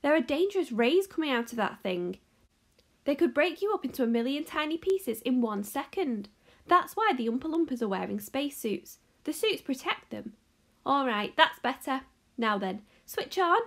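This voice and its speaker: Woman reading aloud as an eccentric male chocolate maker, excitable and commanding, with a gravelly edge. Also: high voice, moderate pace, heavily acted. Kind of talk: storybook read-aloud.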